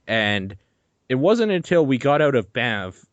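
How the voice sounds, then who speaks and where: A young man hosting a podcast, telling a story in an animated, swearing, laughing way. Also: medium pitch, measured pace, no echo, lo-fi sound. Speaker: podcast host. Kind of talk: casual chat.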